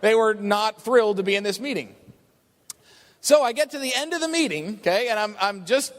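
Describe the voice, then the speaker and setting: A man telling an animated story to an audience at a business talk, chatty and often asking "right?". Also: sits high, fairly quick. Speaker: business opportunity speaker. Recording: long reverb of a large hall.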